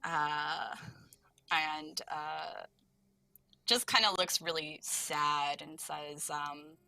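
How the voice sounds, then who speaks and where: Woman, tabletop player, slow, hesitant, bright voice, dry. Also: low voice, steady tone, vocal fry, dry recording, poor audio. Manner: hesitant, many fillers. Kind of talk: casual tabletop narration.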